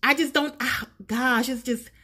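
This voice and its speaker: Casual woman vlogger, high bright voice, emotional and near tears, filming outdoors. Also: steady tone, a little slow, slightly rough. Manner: gushing, emotional, close to tears. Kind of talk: casual vlog. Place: outdoors in a neighborhood street.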